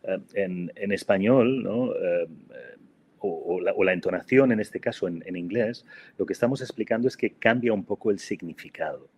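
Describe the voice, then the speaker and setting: A man's voice: fairly low pitch, brisk, a little mellow, breathy edge. A man teaching English grammar in a casual podcast chat, hesitant, full of fillers and "no?" tags. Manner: hesitant, many fillers, ends with "no?".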